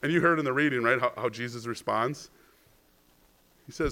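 A male pastor delivers a conversational, chatty sermon in a mid-range voice that's pushed and bright. He talks a little fast and pauses often, regularly checking in with the congregation by asking "right?" and repeating words when he stresses a point.

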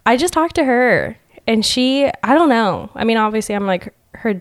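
A woman's voice: a little high, animated, moderate pace. A young adult woman chatting openly on a podcast and laughing often. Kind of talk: casual podcast chat.

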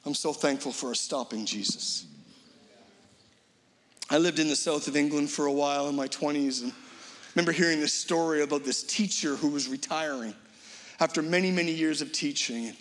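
A middle-aged man preaching a sermon as guest pastor, swinging between loud emphatic lines and hushed, low ones. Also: normal speed. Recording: long reverb of a large hall.

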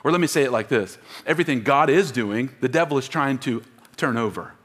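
A pastor preaches to his congregation in a church auditorium, leading them in emphatic call-and-response. His mid-range voice is brisk and a bit bright, with lively intonation. He wears a mic, and the recording carries a long hall reverb.

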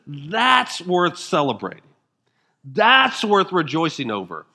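High-voiced preaching man, emphatic. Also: sing-song, normal speed. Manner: emphatic, asks the congregation rhetorical questions; swings between quiet intensity and rising fervor. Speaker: pastor. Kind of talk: sermon.

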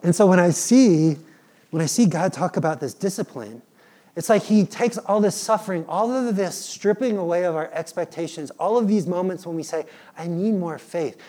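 A man in his thirties, a father, preaching a sermon in an animated, playful way and acting out his children's pleading. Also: high-pitched, moderate pace. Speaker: pastor.

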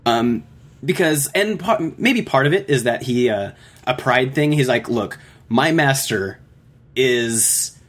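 A man's voice: medium pitch, lively intonation, unhurried. A man co-hosting a casual book discussion, rambling and checking in with "right?", acting out bits of dialogue. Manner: rambling, acts out quotes, frequent "right?". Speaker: podcast co-host.

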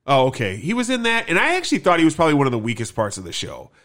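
A man's voice: fairly high pitch, huge pitch swings, very fast, fairly bright tone. A man co-hosting a casual talk show, rambling loosely with lots of fillers and swearing. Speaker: podcast co-host. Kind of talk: casual chat.

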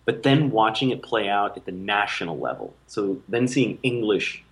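Man, lowish voice, casual chat, hesitant, lots of fillers. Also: lively intonation, moderate pace, gravelly, rough recording. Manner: thoughtful, hesitant with many fillers. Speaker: podcast co-host.

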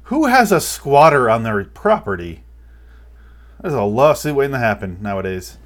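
A man's voice: medium pitch, very animated, normal speed, a bit bright. A man giving a crude, exasperated comedic rant about a movie, mocking it as he goes. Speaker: movie reviewer.

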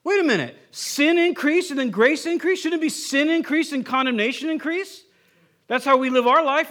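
High-voiced animated male pastor preaching. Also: normal speed. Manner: conversational, animated preaching with asides and acted quotes. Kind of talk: sermon.

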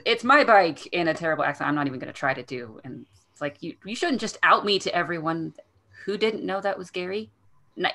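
A woman co-hosting a podcast, casually summarizing a book's plot with quick self-deprecating asides. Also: low-pitched, a bit bright. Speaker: podcast co-host recapping a book. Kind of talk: casual chat.

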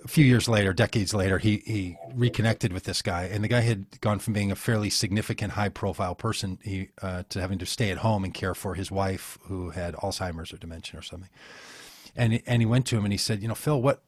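A man's voice: low-pitched, steady tone, fast talker, dry recording. A man, a pastor and interview guest, talking in a rambling, folksy, self-interrupting way. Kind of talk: casual conversation.

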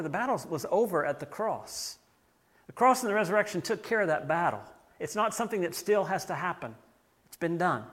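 Pastor type, man raised in the American South, slightly high voice, earnest preaching with repeated restarts. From southern United States. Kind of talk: sermon.

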